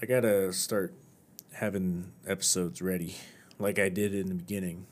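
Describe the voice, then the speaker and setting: A man's voice: low-pitched, fairly even intonation, normal speed. A man hosting his own podcast alone, chatting casually in a rambling, self-deprecating way. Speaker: podcast host. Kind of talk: casual solo podcast chat.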